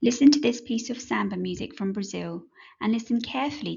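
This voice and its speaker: A woman narrating a children's music lesson in a clear, measured, instructive way. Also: mid-range voice, darkish tone, muffled recording. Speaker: music teacher. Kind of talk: scripted educational narration.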